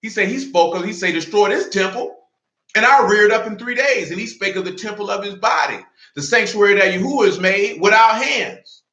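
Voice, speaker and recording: A high-pitched, bright-toned man preaching with fiery, confrontational street-talk energy. He reads scripture in a slower, lower voice. The sound rings in an echoey room. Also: expressive, highs cut off. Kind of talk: sermon.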